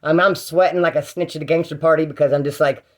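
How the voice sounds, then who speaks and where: A man's voice: a little high, steady tone, fast. A young man telling a story in a casual, slangy, rambling way, with restarts.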